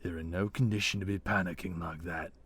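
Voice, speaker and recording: A man voicing a calm, controlled male knight lieutenant in armor, speaking in a measured way. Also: sits low, breathy edge, heavily acted.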